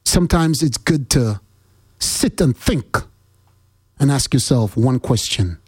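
A man giving a heartfelt motivational monologue to his listeners, preachy and repetitive, with his pitch jumping up to stress his questions. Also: expressive, takes it slowly, long pauses, darkish tone, breathy edge, no echo. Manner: preachy, repeats questions, swings pitch up for emphasis.

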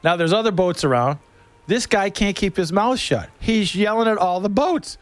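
A man's voice: high voice, animated, normal speed, no room sound. A man hosting a show, telling loose, crude, joking stories in a casual monologue. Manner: loose storytelling, crude humor. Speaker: radio host.

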